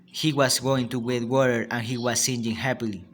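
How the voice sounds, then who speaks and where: A man with a Spanish accent, a native Spanish speaker and a student, reading a story aloud in a halting way with frequent restarts. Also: medium pitch, little pitch movement, slight background noise.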